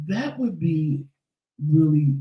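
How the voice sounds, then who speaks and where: A man's voice: on the high side, slow, far from the mic. Sassy man chatting in an echoey room. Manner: sassy, animated storytelling. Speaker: co-host. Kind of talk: casual chat. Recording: echoey room, away from the mic.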